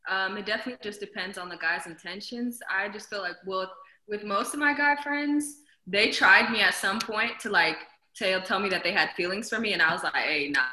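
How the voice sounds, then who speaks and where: A woman's voice: mid-range voice, a little fast, bright, forceful tone, echoey room, rough recording. A woman talking casually in a group discussion, easygoing and thoughtful with many fillers.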